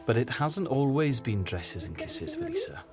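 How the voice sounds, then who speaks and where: A woman giving scripted documentary narration in a lively, lightly wry way. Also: rumbling low, normal speed, over loud music.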